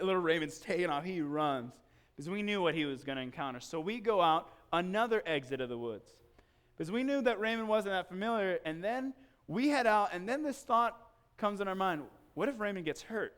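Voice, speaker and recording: A male pastor giving a sermon in church, telling a personal story in an animated way and acting out the scenes. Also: on the high side, brisk, smooth.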